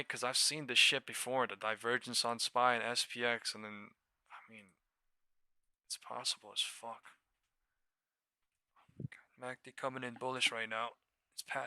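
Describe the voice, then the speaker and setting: A man's voice: medium pitch, flat delivery, normal speed, pauses often, bright, forceful tone, clean tone, no room sound. A man giving live market commentary as a trading streamer, talking in exasperated, profane mutters that break into sudden outbursts.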